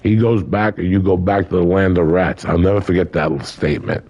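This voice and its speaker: A man's voice: low-pitched, brisk, a little mellow, muffled recording. A man in his sixties, a podcast guest telling a story in casual chat, blunt and profane.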